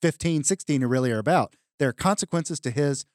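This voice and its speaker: A man's voice: fairly high pitch, animated, brisk, darkish tone, no room sound, clean studio sound. A man co-hosting a casual Bible discussion podcast, explaining passages in a chatty way. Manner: conversational, explaining with fillers. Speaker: podcast co-host.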